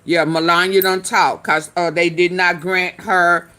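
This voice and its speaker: Slow-drawling sassy woman host. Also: lowish voice, flat delivery, pushed and bright. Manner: sassy, teasing, laughs often. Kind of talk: casual commentary.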